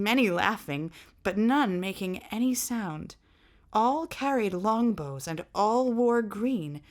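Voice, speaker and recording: A woman reading a fantasy novel aloud in an expressive, measured way. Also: medium pitch. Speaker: reader.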